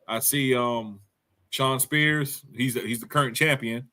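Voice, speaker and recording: A man's voice: medium pitch, steady tone, measured pace, bright, forceful tone. A man co-hosting a casual wrestling review podcast, rambling and slangy with lots of fillers. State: hiccups. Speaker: podcast co-host.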